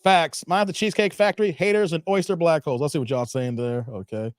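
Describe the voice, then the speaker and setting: A man's voice: on the high side, fast talker, no room sound, studio quality. A man hosting a livestream, reading chat comments aloud in casual slangy banter and laughing often.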